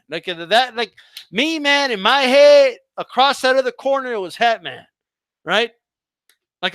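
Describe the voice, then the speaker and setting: A man's voice: extremely high pitch, bright, forceful tone, no echo. A man hosting a boxing livestream, ranting heatedly with profanity and stammering restarts.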